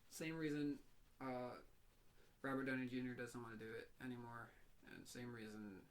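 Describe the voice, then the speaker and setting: A man's voice: medium pitch, level tone, normal speed. A young man co-hosting a podcast, talking casually and often trailing off mid-sentence. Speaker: podcast co-host. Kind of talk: casual chat. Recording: faint background noise.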